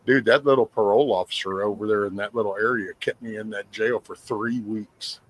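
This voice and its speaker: A man's voice: on the low side, fairly even intonation, a little fast, a bit bright, low-quality recording. A middle-aged man, telling blunt, profane stories in casual podcast talk. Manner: rough-spoken, profane, plainspoken. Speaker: guest sharing life stories.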